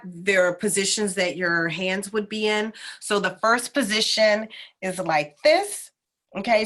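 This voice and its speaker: A woman's voice: mid-range voice, bright, forceful tone. A woman and healer leading a guided breathing exercise. She counts each breath aloud and keeps checking in with a casual, chatty "okay?". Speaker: intuitive healer.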